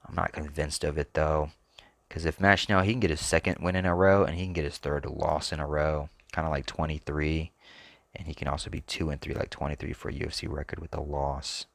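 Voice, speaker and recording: A man's voice: rumbling low, fairly even intonation, brisk, gravelly, a bit bright, no echo. A man hosting a sports picks channel, talking casually and thinking aloud, hesitant and trailing off often. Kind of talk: casual solo commentary.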